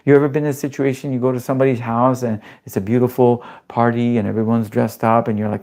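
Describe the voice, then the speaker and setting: A nervous system coach giving a motivational talk with guided breathing, animated, swearing casually and asking rhetorical questions. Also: mid-range voice, quick pace, hardly any pauses.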